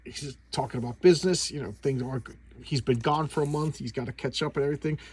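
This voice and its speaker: Man, casual comic book review, rambling, halting restarts, husky voice. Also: medium pitch, fairly even intonation. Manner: chuckles while retelling scenes.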